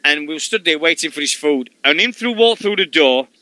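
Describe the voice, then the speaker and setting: A Sheffield man co-hosts a radio chat show, full of swearing and eager storytelling. His voice is fairly high and very bright, recorded close and dry. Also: animated, brisk, no echo, low-quality recording. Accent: Sheffield English. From Sheffield, England. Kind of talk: casual chat.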